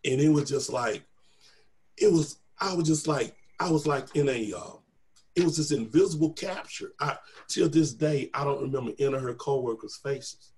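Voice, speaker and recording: A man's voice: mid-range voice, moderate pace. A middle-aged man telling a personal testimony, animatedly acting out the voices of the people in his story. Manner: animated, acts out quoted voices.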